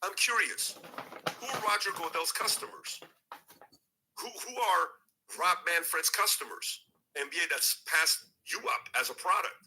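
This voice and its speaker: Guy on a podcast ranting about sports, super bright voice, keeps asking pointed questions. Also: sits high, lively intonation, measured pace, low-quality recording. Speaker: podcast host. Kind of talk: opinionated sports talk.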